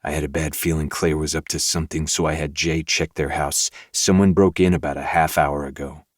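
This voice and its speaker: A man, the podcast host, narrating a dark novel in first person with steady, measured delivery. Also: extremely low pitch, no room sound, clean studio sound.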